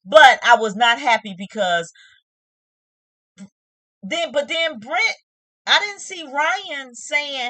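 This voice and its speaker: A woman's voice: a little high, animated, a little slow, a bit bright, dry recording. A woman hosting a casual reality-TV review vlog, opinionated and talking straight to her viewers. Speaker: host of a TV review channel.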